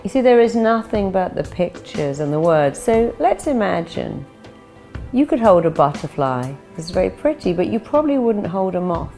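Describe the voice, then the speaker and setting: A middle-aged woman giving a motivational talk. She acts out people's inner voices, bright and upbeat for the confident ones and low and gloomy for the negative ones. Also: very animated, normal speed. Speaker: motivational speaker. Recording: soft music behind.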